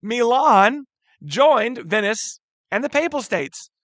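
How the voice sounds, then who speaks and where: High voice guy teaching history class, super casual and slangy, keeps saying guys, bright voice. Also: slow, no echo. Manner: animated, slangy, addresses students as guys.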